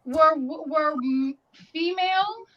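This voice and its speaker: A woman on a live-stream panel, teasing and playful in an animated way. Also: sits high, slow pace. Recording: dull lo-fi audio.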